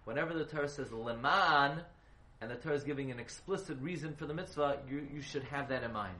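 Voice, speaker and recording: A man's voice: medium pitch, brisk, sharp tone. Guy teaching a torah class, quizzes students, spells stuff out, roomy echo. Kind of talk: halacha class lecture. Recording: echoey room, faint hiss.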